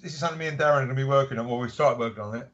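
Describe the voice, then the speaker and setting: A man's voice: mid-range voice, very fast. A man, an author, telling anecdotes in a casual interview and acting out the voices of the people he quotes. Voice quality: animated storyteller, acts out quoted voices. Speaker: author guest. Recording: dull lo-fi audio.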